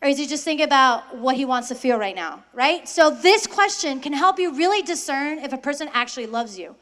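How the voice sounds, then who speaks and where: A young adult woman talks briskly to high school students about faith, keeping it lively by asking them questions and acting out quoted voices.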